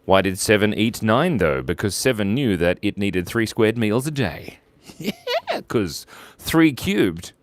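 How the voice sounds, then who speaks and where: A man hosting a casual live drawing stream, playful and jokey, reading viewers' names and shout-outs aloud as he draws. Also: fairly low pitch, big pitch swings, a little slow, no room sound.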